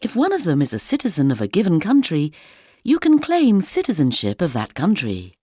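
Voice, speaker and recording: A woman teaching a language, reading words one by one in a slow, deliberate vocabulary drill. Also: on the low side, wildly swooping pitch, warm tone, slightly rough, no room sound, studio quality. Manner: deliberate, reads each word separately.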